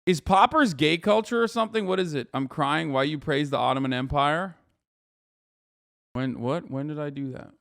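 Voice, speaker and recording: A man's voice: a little high, moderate pace, creaky, fairly bright tone, no room sound, studio quality. A man hosting a live stream, joking crudely and rambling in casual chat. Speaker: streamer host.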